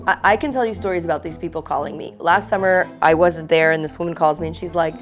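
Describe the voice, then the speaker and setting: Over soft background music, a woman with a lowish voice talks fast while hosting a parody reality-show vlog. In a casual confessional style, she complains about her neighbors with sarcastic, mock-diva flair.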